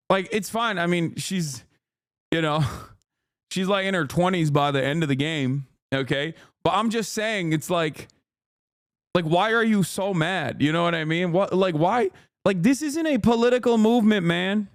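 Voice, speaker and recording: Male streamer, high pitch, dry close mic, casual profane ranting. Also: clean tone, no echo. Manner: ranting, profane, mocking voices in bursts. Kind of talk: casual livestream commentary.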